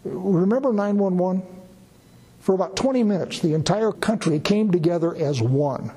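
A man's voice: high-pitched, animated, normal speed, mellow, slightly rough. A man, a pastor, preaching a folksy, conversational sermon with asides to a gathered congregation. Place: church gathering in a borrowed building. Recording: long reverb of a hall.

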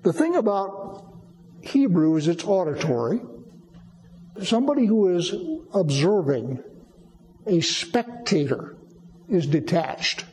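A man's voice: a little high, animated, unhurried, dark tone, in a large hall, low-quality recording. A man giving a sermon, explaining and teaching with emphatic repetition. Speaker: preacher.

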